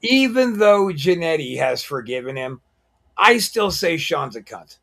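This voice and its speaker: A man tells stories on a casual podcast, acting out the quotes with a blunt edge. His voice sits slightly high. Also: a little slow, creaky. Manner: animated anecdote teller, acts out quotes, blunt. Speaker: podcast co-host. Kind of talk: casual chat.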